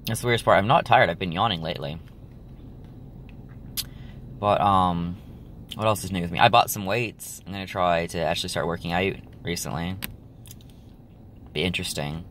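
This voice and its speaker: Young guy vlogging, kinda low voice, rambles w lots of ums, faint hum behind. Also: normal speed, long pauses, a bit bright. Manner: rambling, full of ums and likes. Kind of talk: casual chat to camera.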